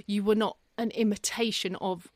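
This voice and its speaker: A woman interviewer with a middle-pitched voice, talking casually and eagerly. She chimes in often with quick, warm agreement. The room sounds dry. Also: steady tone, no room sound. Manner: eager, chatty, quick to laugh and affirm.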